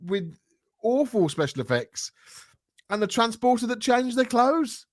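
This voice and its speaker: A man co-hosting a casual chat, blunt and dismissive with a jokey edge. His pitch swings widely as he talks, and the sound is close and dry. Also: big pitch swings, a little slow, no room sound. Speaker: podcast co-host.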